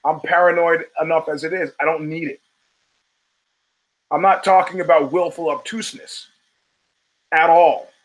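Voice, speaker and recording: A man's voice: fairly high pitch, steady tone, moderate pace, long pauses, low-quality recording. A man hosting a solo podcast, talking in a wry, profane, digressive way with emphatic punches. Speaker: podcast host.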